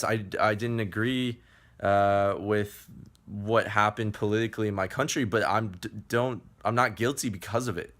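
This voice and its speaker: A man's voice: lowish voice, steady tone, normal speed, a bit bright. An American man from Chicago hosting a travel fitness vlog, talking earnestly and casually to camera, often repeating and restarting phrases. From Chicago, United States. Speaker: travel fitness vlogger, host.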